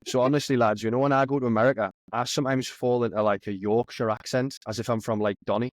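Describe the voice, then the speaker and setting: A young Geordie man chats easily as a podcast guest, full of local slang and friendly banter. His voice sits at a middle pitch. The mic is close and dry, with no room sound. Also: fairly even intonation, fast talker, no echo. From northeast England. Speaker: podcast guest, soccer captain. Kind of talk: casual chat.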